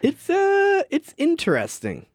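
A man co-hosting a casual after-show in a radio studio, joking and teasing in a relaxed chat. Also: very high voice, unhurried, no room sound. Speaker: show producer and after-show host.

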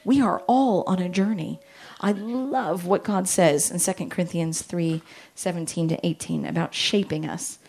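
A woman and parent giving a lively Christian talk on parenting, joking and acting out little quoted voices. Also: lowish voice, normal speed, creaky, few pauses, breathy edge. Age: adult with children. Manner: animated, jokey, acts out quotes.

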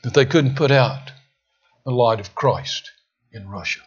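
A male preacher delivering a dramatic sermon, swinging from loud emphatic peaks down to hushed near-whispers. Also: mid-range voice, a little slow, breathy edge. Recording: dull lo-fi sound.

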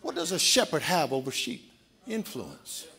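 A man preaching a sermon in a church, going from shouted, sung exhortation to relaxed, joking asides. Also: a little high, moderate pace, gravelly. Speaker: pastor. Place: church sanctuary.

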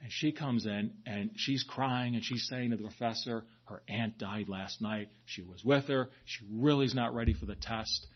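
A man with a husky, middle-pitched voice delivers a sermon. He talks in a loose, storytelling way, often asking "right?" of his listeners. The recording sounds dull and muffled. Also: normal speed, hardly any pauses. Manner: conversational storytelling, frequent "right?". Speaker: priest.

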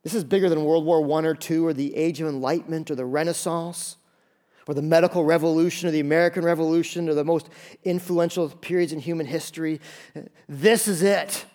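A man delivers a sermon in a casual, conversational pastor's voice that sits a little high for a man. He stumbles and repeats phrases as he builds intensity, pressing his point home to the congregation with real urgency. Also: fairly even intonation, fast talker, warm tone. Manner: impassioned, conversational preaching with repetitions.

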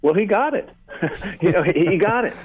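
A man's voice: high-pitched, expressive, moderate pace, husky. An older man, a seminary teacher, explaining prayer earnestly in a radio interview and often repeating words as he starts a sentence. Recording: narrow phone-like radio sound.

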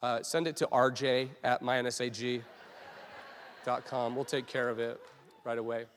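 A man preaching a sermon as a pastor, in a conversational, animated storytelling way with frequent restarts. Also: medium pitch, moderate pace, in a large hall, slight background noise.

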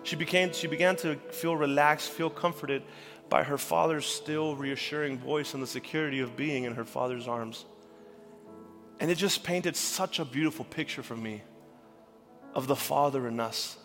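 A young adult man, a pastor, preaching a sermon with earnest feeling that swings from urgent rises to hushed, tender passages. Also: a little high, moderate pace. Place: church sanctuary. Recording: church hall reverb with faint music.

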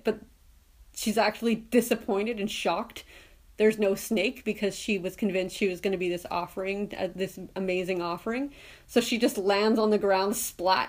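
A woman's voice: mid-range voice, darkish tone. A woman hosting her own podcast, chatting casually and laughing often as she retells favorite movie scenes. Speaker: podcast host. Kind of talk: casual solo podcast chat.

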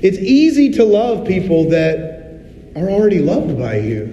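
Conversational pastor preaching in a roomy hall. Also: male voice, high-pitched, wildly swooping pitch, measured pace, dark tone, lo-fi sound, slight background noise. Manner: candid and conversational, acts out little voices. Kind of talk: sermon. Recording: roomy hall reverb, faint ambience.

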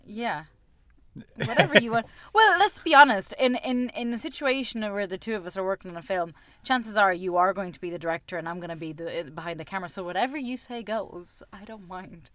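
A woman's voice: medium pitch, fairly quick, fairly bright tone, no echo. A Brazilian woman in her twenties, a native Portuguese speaker, chatting about a film as podcast co-host; she laughs a lot and acts out quotes. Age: 20s. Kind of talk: casual film review chat.

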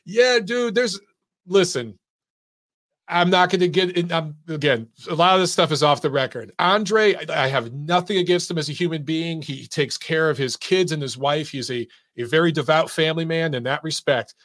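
A man's voice: a little high, normal speed, a bit bright, no room sound, clean studio sound. Laid-back man hosting a call-in show. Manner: laid-back, laughs often, swears casually. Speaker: host of a boxing call-in show. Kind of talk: casual chat.

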